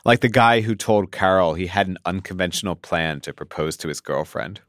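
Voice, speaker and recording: A man's voice: low-pitched, moderate pace, no room sound, studio quality. A man hosting a radio feature, narrating and interviewing with a wry, conversational manner. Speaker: radio host. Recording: voice over loud background music.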